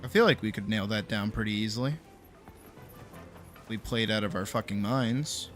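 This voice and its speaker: A man's voice: fairly low pitch, normal speed, a bit bright, soft background music. A man streaming a video game, chatting casually with teammates and swearing freely as he plays. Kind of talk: casual gameplay chat.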